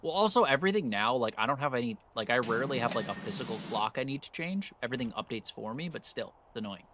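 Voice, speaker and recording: An American man's quick, lively, mid-range voice carries a bit of brightness, with a little hiss or hum in the background. He's live-streaming a game, chatting casually and ranting with heavy profanity as he gets worked up.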